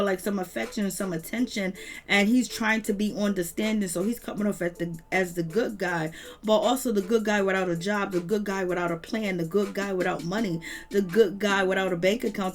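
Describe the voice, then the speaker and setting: Woman vlogger, mid pitch, emphatic slangy recap talk, piles up repeated phrases. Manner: slangy, emphatic, repetitive lists; retells scenes with quoted voices. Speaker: reality TV recap commentator. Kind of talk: casual recap commentary.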